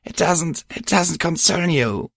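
A man voicing a grieving, withdrawn young female pony with a hoarse, raspy voice, speaking softly and haltingly. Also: fairly high pitch, expressive, no room sound, clean studio sound, pitched above the performer's own voice, full character voice. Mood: tearful. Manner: soft, tearful, halting.

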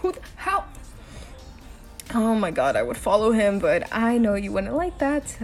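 Sweary woman insisting she's calm. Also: on the high side, takes it slowly, faint music behind. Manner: sweary, talks to the listener, insists she is calm. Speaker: girlfriend driving her partner home. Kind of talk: first-person role-play skit. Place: in a car.

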